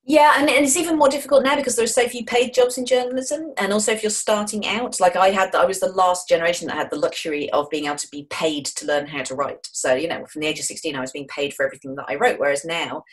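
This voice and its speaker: A middle-aged woman from the English Midlands with a low, deep voice, talking fast and enthusiastically in an interview. She keeps it jokey and animated, often jumping into playful voices mid-story. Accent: Wolverhampton, English Midlands. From England. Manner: enthusiastic, jokey, quick to put on voices in anecdotes. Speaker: author and screenwriter guest.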